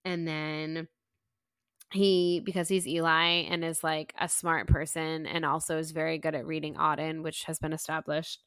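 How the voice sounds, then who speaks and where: A woman with a fairly low voice talks casually on a book club podcast, retelling the story and leaning on "like" throughout. The sound is close and dry, with no room around it. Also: level tone, normal speed, a bit bright, smooth, no room sound. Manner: chatty retelling of the chapter, peppered with "like". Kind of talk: casual chat.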